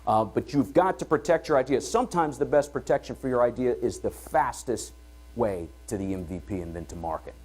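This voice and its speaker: A middle-aged man hosting a conference, speaking to an audience in an energetic, conversational way and often checking in with "all right?". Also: medium pitch, a little fast, soft background music. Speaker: event host and entrepreneur. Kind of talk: conference opening talk. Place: conference hall before an audience.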